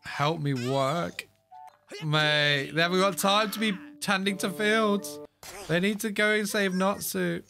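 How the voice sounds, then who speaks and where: A young man giving excitable casual reaction commentary, often laughing. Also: high voice, takes it slowly, creaky, over music. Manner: excitable, frequent laughter and "mate". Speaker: anime reaction host.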